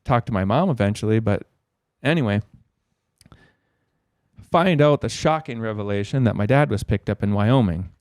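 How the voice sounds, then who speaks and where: Guy guesting on a podcast, low smooth voice, dry close mic, cussing a lot. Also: expressive, normal speed, a little mellow, dry recording. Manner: profane, rambling storyteller. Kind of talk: casual storytelling.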